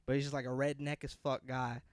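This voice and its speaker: A young man co-hosting a casual podcast, telling stories animatedly and acting out characters in shrill voices. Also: fast talker, no room sound. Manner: animated storyteller, acts out sketches in shrill voices. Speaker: podcast co-host. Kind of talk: casual chat.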